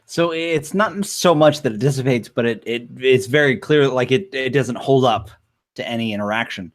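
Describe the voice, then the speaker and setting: Male player, casual game table chat, relaxed, thinks aloud. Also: mid-range voice, moderate pace.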